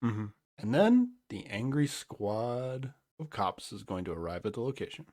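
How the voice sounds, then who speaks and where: Husky, hedging man podcast host. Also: medium pitch, very animated, unhurried, a little mellow. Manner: hedging and unsure, many "I don't know"s. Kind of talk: casual chat.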